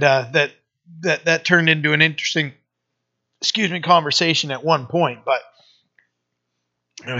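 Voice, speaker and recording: Bright-voiced pastor telling a story. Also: male voice, a little high. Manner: halting, many fillers and restarts, grows emphatic. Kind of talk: sermon with storytelling. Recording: dull lo-fi sermon recording.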